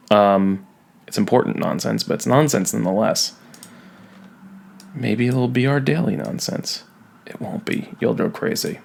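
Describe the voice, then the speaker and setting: A man's voice: fairly low pitch, vocal fry. A man teaching a recorded online lesson, talking students through a poem with wry, self-mocking asides.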